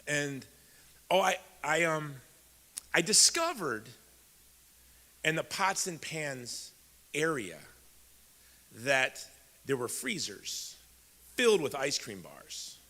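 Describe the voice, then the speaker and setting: Bright-voiced man telling a story. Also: on the high side, big pitch swings, slow, pauses often. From Chicago, USA. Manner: conversational, addresses the audience directly. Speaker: keynote speaker. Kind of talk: personal storytelling speech. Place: large event hall. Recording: echoey hall.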